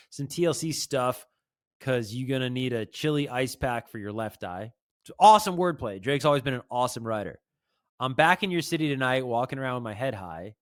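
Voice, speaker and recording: A man hosting a music breakdown video, talking casually and reading lyrics aloud between comments. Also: medium pitch. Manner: chatty, full of "like" and "bro", reads lyrics aloud. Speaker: music reaction video host.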